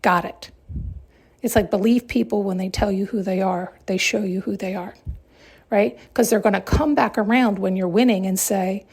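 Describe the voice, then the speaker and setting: A woman's voice: medium pitch, fairly even intonation, normal speed, a little mellow, breathy edge. A woman hosting a podcast, giving a reflective spiritual monologue, talking conversationally and driving her points home with rhetorical questions. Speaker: podcast host.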